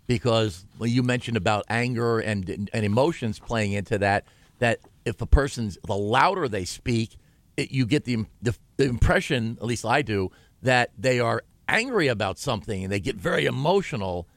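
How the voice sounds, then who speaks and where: A man co-hosting a radio show in a studio, speaking in a measured, thoughtful way with some restarts. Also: medium pitch, expressive, no echo. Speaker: radio co-host. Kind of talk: casual radio chat.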